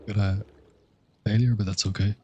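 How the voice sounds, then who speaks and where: A man from Ireland with a mild Irish accent chats casually with viewers while streaming a game, laid-back and talkative, and thanks them as he goes. His voice is fairly low and flat, at a normal speed, with a dark tone and muffled highs. There is slight background noise.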